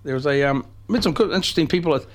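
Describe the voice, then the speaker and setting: Nz guy on radio, kinda high voice for a man, rambly and chatty. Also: very fast, a little hiss or hum. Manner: rambling storyteller with many fillers. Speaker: radio show co-host. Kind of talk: casual banter.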